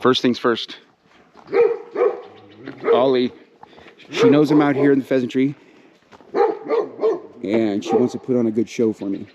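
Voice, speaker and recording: Heard on dull, very noisy audio, this man speaks a little slowly with long pauses, in a medium, fairly even voice. A pheasant breeder hosting an outdoor vlog at his pheasantry, he rambles in a folksy, easygoing way with many fillers, calls out to viewers as "you guys," and chats sweetly to his birds while strolling.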